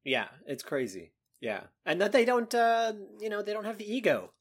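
A man's voice: high-pitched, huge pitch swings, normal speed. A man co-hosting a podcast in casual, jokey chat, laughing often. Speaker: podcast co-host.

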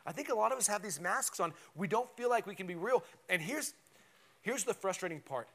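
A man's voice: high voice, expressive, brisk, a bit bright. A man preaching a conversational, emphatic sermon in a church, often checking in with "right?". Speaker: pastor. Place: church sanctuary.

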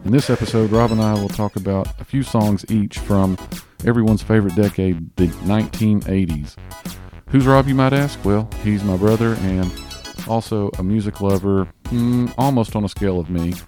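Mellow low Southern man hosting. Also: soft background music. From Southern US (Tennessee). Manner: rambling, with many fillers and restarts; talks a bit fast on mic. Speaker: podcast host. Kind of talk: casual podcast chat.

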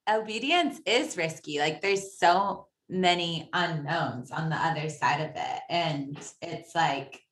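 Woman, lower pitch, enthusiastic and encouraging, roomy echoey recording. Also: slow, hardly any pauses. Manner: warm, enthusiastic encouragement with filler words. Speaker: podcast guest. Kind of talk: casual faith conversation. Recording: roomy echo.

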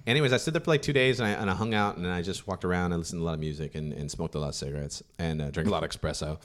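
A man's voice: low voice, racing. A man from South Sacramento telling a long story in casual, profane chat, laughing often and acting out what he said. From South Sacramento, California. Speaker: podcast guest telling a story.

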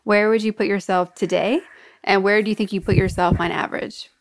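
A woman's voice: medium pitch, steady tone, brisk. A woman hosting a podcast, chatty and encouraging in easy conversation. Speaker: podcast host. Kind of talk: casual chat.

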